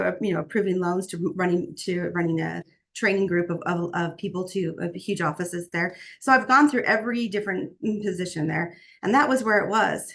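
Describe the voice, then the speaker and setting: Woman with a gravelly, earnest voice. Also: medium pitch. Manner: warm, earnest, faith-filled, many restarts. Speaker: guest speaker. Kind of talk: motivational talk on a group call. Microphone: video call.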